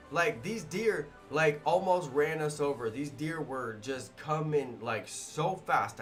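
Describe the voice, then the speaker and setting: A man who makes gaming videos, telling a story to his viewers in a rambling, animated way. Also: fairly high pitch. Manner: animated, rambling, many fillers.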